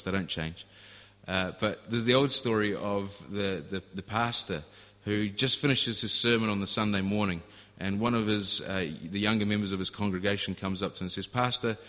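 A male pastor delivers a sermon in a low, bright voice, earnest and storytelling. His words ring with a long hall reverb. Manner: earnest, storytelling, with frequent restarts. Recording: echoey hall.

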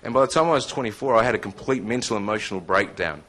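Quick and expressive, his lowish voice has a fairly bright tone. The man, in his thirties, Scotland-born with a New Zealand accent, talks conversationally to a live audience, giving his testimony with joking asides.

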